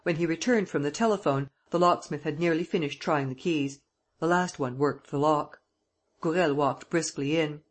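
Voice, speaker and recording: An audiobook reader narrating a classic novel in a steady, even way. The voice has a husky grain and sits at an ordinary middle pitch. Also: moderate pace.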